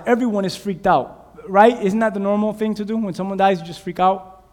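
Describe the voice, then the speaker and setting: A man preaching a sermon, animated, acting out shouted voices from Bible stories. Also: high voice, fairly quick. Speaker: pastor. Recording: long hall reverb.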